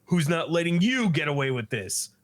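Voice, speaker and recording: A man voicing a passionate teen boy who loves conspiracy theories, talking fervently and shouting about passion. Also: a little high, sing-song, moderate pace, pitched above the performer's own voice.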